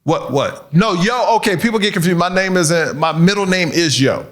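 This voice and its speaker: A man doing a stand-up set on stage, an animated storyteller who laughs as he talks. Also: high voice, moderate pace. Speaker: stand-up comedian. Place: comedy club stage before a live audience. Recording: live set with audible crowd noise.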